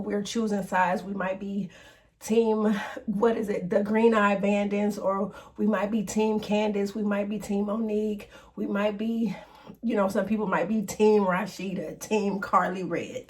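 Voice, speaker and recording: A woman's voice: medium pitch, darkish tone, distant mic. A woman hosting a celebrity gossip show, talking in a sassy, emphatic way and swearing freely. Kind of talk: animated celebrity gossip commentary.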